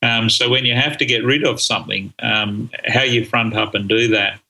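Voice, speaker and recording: A man's voice: mid-range voice, steady tone, moderate pace, vocal fry, bright, forceful tone, rough recording. A middle-aged man, a guest on an interview show, explaining his ideas enthusiastically with frequent ums and restarts. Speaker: guest speaker on learning. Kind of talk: conversational interview answers.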